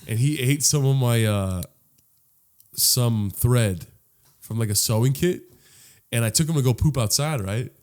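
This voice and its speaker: A man's voice: medium pitch, unhurried, long pauses. A young man co-hosting a casual podcast, telling a crude story with lots of laughter and acted-out voices. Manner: animated storyteller, laughs often, acts out voices. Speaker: podcast co-host.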